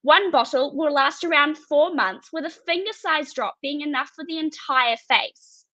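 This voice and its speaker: A teenage girl presents her student business, reading through a rehearsed pitch in a clear, even delivery. Her voice is high and very bright. The sound is dull and completely dry, as heard through a video call. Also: normal speed, no echo. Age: teens.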